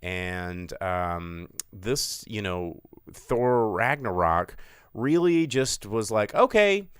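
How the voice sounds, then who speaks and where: Man, podcast co-host, sarcastic, animated, casual film chat, dry sound. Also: lowish voice, drawn-out words, clear, resonant tone, no echo. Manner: animated, sarcastic, puts on mocking voices. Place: studio.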